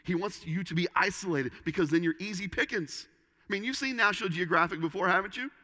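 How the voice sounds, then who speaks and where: Bright-voiced preacher man in a hall. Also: high voice, quick pace. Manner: dramatic storytelling, swinging from loud to hushed. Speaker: pastor. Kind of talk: sermon. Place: church sanctuary with an audience.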